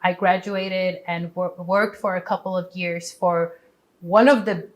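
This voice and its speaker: A woman in her thirties from Poland, a startup community founder speaking in a measured, fluent way in an interview. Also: lowish voice, fairly even intonation. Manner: measured, fluent with occasional fillers. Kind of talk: conversational interview.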